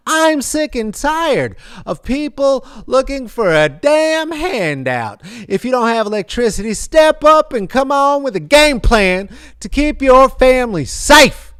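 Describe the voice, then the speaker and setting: A man's voice: extremely high pitch, sing-song, measured pace, hardly any pauses, a bit bright, clear, resonant tone, no room sound, studio quality, voice pushed up, exaggerated voice. A man putting on a mocking voice for a blustering, scornful middle-aged male town official. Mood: scolding. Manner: preachy, scolding.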